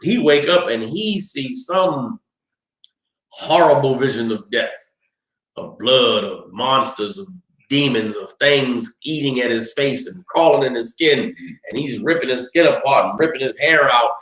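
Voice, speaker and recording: A man teaching a scripture class, telling the story in a lively way and acting out screams and cries. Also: mid-range voice, unhurried, echoey room, rough recording. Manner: animated storytelling, acts out screams.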